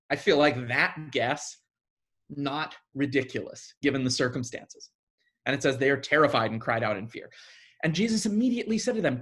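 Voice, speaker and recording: A man preaching a sermon in a conversational, animated way, often restarting his phrases. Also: on the high side, measured pace, husky.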